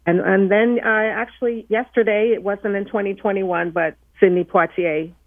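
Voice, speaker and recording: A woman's voice: medium pitch, fairly even intonation, moderate pace, no room sound, phone-quality sound. A woman co-hosting a radio show, chatting with some hesitations. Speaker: co-host and executive producer. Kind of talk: casual radio talk.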